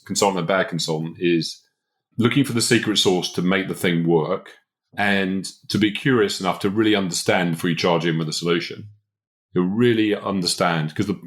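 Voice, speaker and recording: Deep-voiced man chatting on a podcast. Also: fast talker. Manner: conversational, emphatic, chuckles often. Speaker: podcast host, business consultant. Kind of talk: casual podcast chat.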